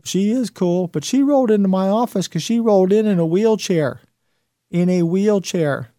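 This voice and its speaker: Emphatic high-voiced man, gravelly. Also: warm tone, no room sound, clean studio sound. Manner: emphatic, repeats phrases for effect. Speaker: host. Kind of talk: motivational radio talk.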